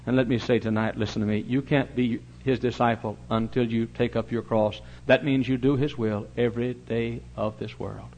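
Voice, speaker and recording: A man preaching a sermon in a fervent revival style, swinging between loud pleading and hushed, earnest asides. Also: medium pitch, fairly even intonation, normal speed, hardly any pauses, slight background noise. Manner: old-fashioned revival preaching cadence. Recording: muffled lo-fi recording.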